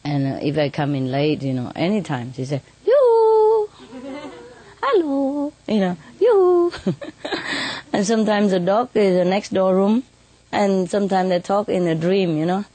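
Woman with a slightly low voice telling stories about her birds, chatty and quick to laugh. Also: warm tone. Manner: chatty, laughs often, many "you know" tags. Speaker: bird keeper telling stories. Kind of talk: casual storytelling in an interview.

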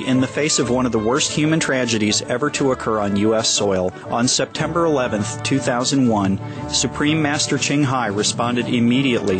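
Male voice-over, measured and formal, with instrumental music beneath. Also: mid-range voice. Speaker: narrator. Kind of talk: scripted narration.

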